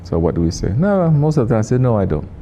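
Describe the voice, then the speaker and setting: A man's voice: mid-range voice, big pitch swings, fast talker, dark tone, a little hiss or hum. A man with a Turkish accent gives a teaching talk to a congregation, quizzing the audience and teasing them with repeated questions. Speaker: sufi teacher.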